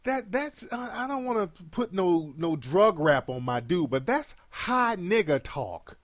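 Sex: male. Role: reaction commentator. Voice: high and very animated. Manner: profane, mocking. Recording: dry, close. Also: unhurried, dry recording.

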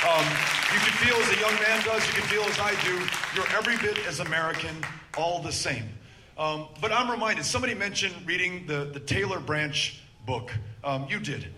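A man answering a question at a town hall, measured and earnest with frequent filler pauses. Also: high voice, heavy background noise. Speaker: politician.

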